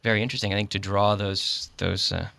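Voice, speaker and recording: A man's voice: on the low side, flat delivery, fast talker, gravelly, bright, forceful tone, dry recording. A man from Canada interviewing a guest, asking friendly, chatty questions and agreeing often. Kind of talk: casual interview chat.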